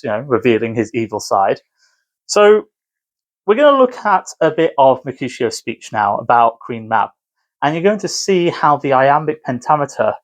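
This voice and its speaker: A man who teaches, talking casually to camera, rambling and correcting himself as he explains. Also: medium pitch. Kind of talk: casual video commentary.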